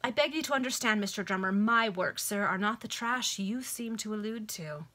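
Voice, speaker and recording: A woman's voice: medium pitch, moderate pace, bright, forceful tone, close to an everyday voice. A woman voicing an indignant male writer who defends his work. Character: indignant male literary hack.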